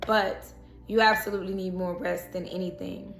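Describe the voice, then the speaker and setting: A woman's voice: lowish voice, flat delivery, moderate pace, a bit bright. A woman giving a casual tarot horoscope reading, talking straight to the viewer with emphatic repeats and coaxing "okay?" asides. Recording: echoey room with faint background music.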